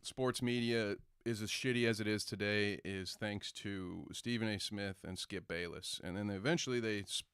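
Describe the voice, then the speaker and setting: A man co-hosting a podcast in casual chat, animated and sarcastic, swearing and reading out viewer comments. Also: fairly low pitch, normal speed, few pauses, smooth, dry recording, studio quality. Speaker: podcast co-host.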